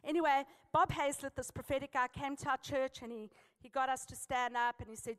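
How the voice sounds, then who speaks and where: A South African woman preaching a sermon, telling a personal story with lively, emphatic exhortation. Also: high voice, brisk, hardly any pauses, clean tone, big-room sound.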